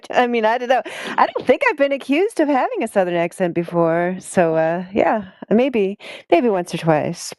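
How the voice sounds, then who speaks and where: Playful woman, very lively melody, close dry sound, casual banter. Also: medium pitch, unhurried, dry recording. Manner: giggly, playful. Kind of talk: casual chat.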